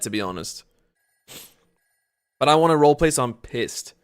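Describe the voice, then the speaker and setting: A man's voice: mid-range voice, animated, moderate pace. A man streaming live gameplay, making casual, sarcastic asides while reading a text game. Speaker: streamer playing games.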